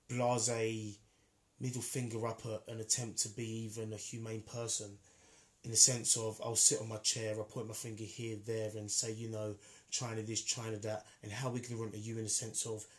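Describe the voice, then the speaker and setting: A man in a casual debate, talking emphatically and repeating himself as he argues. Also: mid-range voice.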